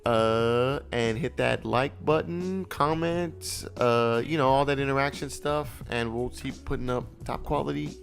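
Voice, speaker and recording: A young man hosts a casual podcast with his buddies. He rambles loosely and jokes, and his voice sits at an ordinary middle pitch. A faint bed of music runs underneath. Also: a little slow, gravelly, hardly any pauses. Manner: joking, retells cartoon scenes with voices. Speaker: podcast host. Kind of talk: casual chat.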